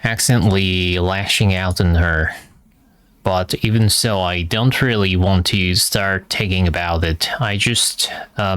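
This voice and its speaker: Very slow, deep-voiced man drilling pronunciation. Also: a bit bright, no room sound. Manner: halting, repeats words while sounding them out; frequent filler hesitations. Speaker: language learner reading aloud. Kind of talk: reading practice with pronunciation drills.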